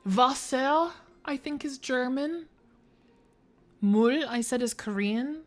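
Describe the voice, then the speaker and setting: A woman's voice: sits high, takes it slowly, darkish tone, faint music behind. A woman streamer giving let's play commentary, thinking aloud through puzzles, swearing freely and joking around. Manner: playful, jokes between puzzles.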